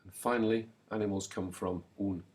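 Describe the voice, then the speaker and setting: A man teaching a recorded language lesson, slowly and clearly modelling words and pausing so the listener can repeat them. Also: on the low side, fairly even intonation, a little mellow. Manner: slow, clear modelling of words with pauses for repetition.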